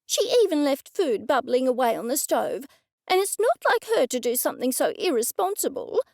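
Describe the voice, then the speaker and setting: A woman reading an audiobook, voicing an excitable, dramatic woman friend who talks in a breathless, high-strung way. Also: moderate pace, vocal fry, no room sound, clean studio sound, full character voice. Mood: anxious.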